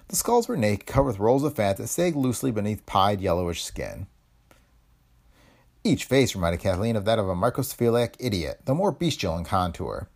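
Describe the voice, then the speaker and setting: A man narrating a pulp adventure story in a dramatic, expressive storytelling manner. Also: lowish voice.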